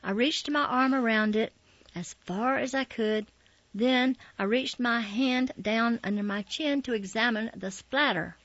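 A woman reads a first-person memoir in a calm, steady storytelling voice. Her voice sits fairly high. The recording is dry and slightly dull. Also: measured pace, no echo. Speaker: narrator. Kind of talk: memoir audiobook reading.

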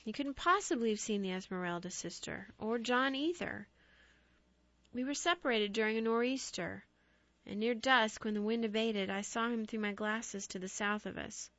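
A grave seafaring brother speaks softly and sadly, as a woman narrator reads his lines. He sounds gentle and steady. The recording is dry with a slightly dull top end. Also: a little high, normal speed, dry recording. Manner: grave, soft-spoken.

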